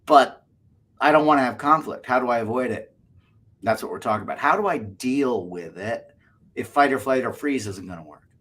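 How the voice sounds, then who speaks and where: A man with a slightly husky voice talks in a casual podcast chat. His pitch rises and falls a lot as he acts out small quoted exchanges. The delivery stays conversational and lively. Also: normal speed. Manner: animated, plays out little quoted exchanges. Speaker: co-host.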